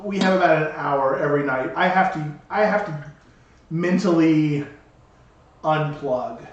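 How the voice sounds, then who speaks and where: A man's voice: on the high side, measured pace, very echoey, distant mic, highs cut off. A man co-hosting a podcast in casual chat, rambling with many restarts and frequent laughs. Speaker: podcast co-host.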